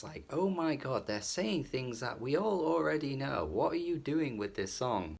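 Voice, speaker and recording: A man giving a casual album review as an exasperated, mocking rant with swearing, often laughing in disbelief between phrases. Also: fairly low pitch. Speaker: music reviewer.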